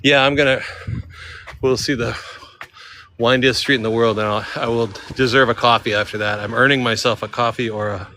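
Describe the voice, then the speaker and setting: A man's voice: mid-range voice, fairly even intonation, fairly quick, pushed and bright, a little hiss or hum. Breathless laid-back guy walking steep streets. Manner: laid-back slangy talk, calls viewers dude. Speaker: vlogger. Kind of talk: casual walking livestream chat. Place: outdoors on steep city streets.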